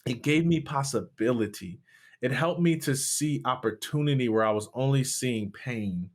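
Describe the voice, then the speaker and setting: A man's voice: mid-range voice, moderate pace. A man from Michigan, a pastor, telling a personal story in an interview with rising passion. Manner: impassioned, voice rising sharply at peaks. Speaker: guest, pastor and speaker.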